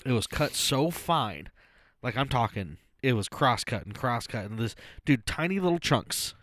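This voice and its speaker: A man's voice: medium pitch, very animated, moderate pace, fairly bright tone, dry recording, studio quality. Easygoing young man telling a story. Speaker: podcast co-host. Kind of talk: casual chat.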